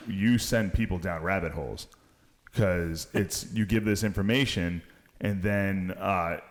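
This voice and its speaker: Deep-voiced laid-back male co-host. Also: unhurried. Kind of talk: casual chat.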